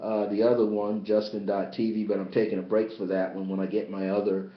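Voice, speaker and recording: A man, a bishop and spiritual teacher, giving a livestreamed spiritual teaching into a tablet, emphatic and repetitive, swinging between loud high exclamations and low, subdued asides. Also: little pitch movement, brisk. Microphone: tablet device. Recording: roomy, dull lo-fi tablet livestream.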